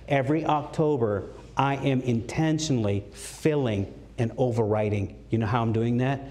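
A man preaching a sermon, emphatic and swinging from high, raised lines to low, quiet ones. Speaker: pastor.

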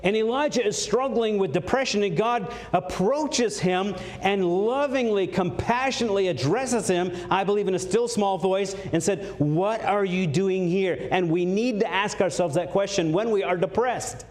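A man preaching a sermon, emphatic and swinging from high, raised lines to low, quiet ones. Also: moderate pace, hardly any pauses. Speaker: pastor.

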